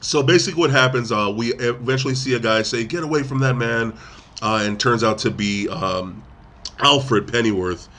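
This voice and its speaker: A man's voice: mid-range voice, moderate pace, pushed and bright, a little hiss or hum. A man hosting a podcast, rambling through a casual movie recap and acting out quotes in between. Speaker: podcast host. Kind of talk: casual movie review chat.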